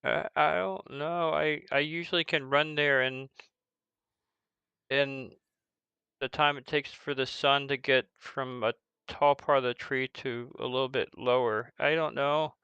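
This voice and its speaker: A man's voice: mid-range voice, fairly even intonation, unhurried, pushed and bright, clean tone, dry recording, highs cut off, pitched above the performer's own voice. A man doing a stammering timid orphan boy. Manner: stammering, hesitant.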